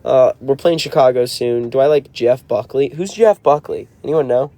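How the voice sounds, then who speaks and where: A man's voice: mid-range voice, lively intonation, normal speed, mellow. Laid-back man in his twenties. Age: 20s. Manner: laid-back, answers viewer comments. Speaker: band member hosting a livestream. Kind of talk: casual livestream chat reading comments. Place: in a car.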